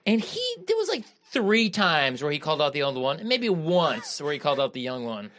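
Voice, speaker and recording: A man's voice: fairly high pitch, wildly swooping pitch, fairly quick, fairly bright tone. A man on a podcast, rambling casually and filling his talk with "like". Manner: rambling, full of "like", swoopy inflection. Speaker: podcast guest. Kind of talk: casual chat.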